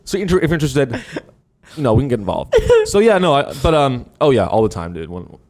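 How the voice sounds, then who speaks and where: A man's voice: medium pitch, sing-song, fast, darkish tone. A man co-hosting a podcast in casual chat, tossing in dry jokes and laughing along. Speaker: podcast co-host.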